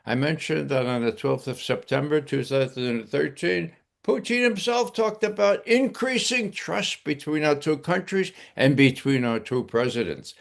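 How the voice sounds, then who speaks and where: A man's voice: on the high side, normal speed, creaky, hardly any pauses. An older man talking on a talk show in a lecturing way, punctuating points with "okay?". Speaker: guest commentator.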